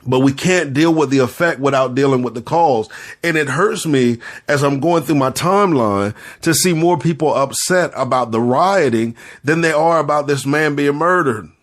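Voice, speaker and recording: A man's voice: on the high side, moderate pace. A man speaking as a podcast host and spiritual leader, giving earnest, preacherly commentary, repeating phrases for emphasis and holding back tears. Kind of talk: impassioned spoken commentary.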